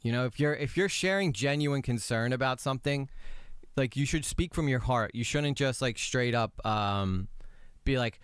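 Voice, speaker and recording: A man's voice: medium pitch, moderate pace, smooth, dry recording, clean studio sound. A man hosting a live stream, mocking a video he is reacting to in a rambling, sarcastic way.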